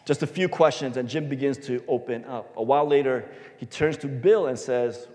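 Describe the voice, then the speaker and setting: A man pastor giving a sermon, telling a story and swinging his voice between loud and soft for emphasis. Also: mid-range voice, moderate pace, few pauses. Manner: storytelling, varies loudness for emphasis. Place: church sanctuary. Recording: long hall reverb.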